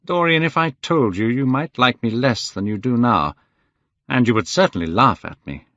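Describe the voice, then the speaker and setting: A man plays a gentle, devoted painter, earnest and coaxing, his pitch raised and swinging widely. The sound is dull and dry, like a lo-fi home recording. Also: animated, normal speed, no echo.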